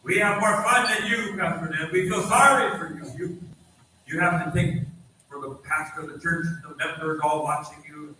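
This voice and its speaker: A man preaching a sermon as pastor, telling stories with animated repetition for emphasis, recorded in a church sanctuary. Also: fairly high pitch, moderate pace, recorded from a distance, slight background noise. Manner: animated storytelling, repeating phrases for emphasis. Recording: roomy echo, voice from off-mic.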